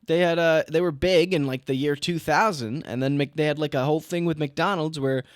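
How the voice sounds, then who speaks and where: Young man, podcast co-host, higher voice, swears a lot, cheerfully rants, dry close sound. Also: brisk, no room sound. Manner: profane, ranting, jokey. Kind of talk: casual chat.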